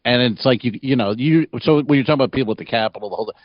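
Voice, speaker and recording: A man's voice: medium pitch, rapid-fire, dry recording. A man co-hosting a comedy podcast, telling a long story in a rambling, profane style with frequent laughter, heard in a dry, slightly dull recording. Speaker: podcast co-host.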